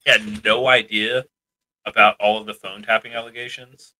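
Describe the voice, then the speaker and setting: A man co-hosting a podcast, chatting casually with playful, deadpan jokes. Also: on the low side, moderate pace, rough recording. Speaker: podcast co-host. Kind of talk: casual chat.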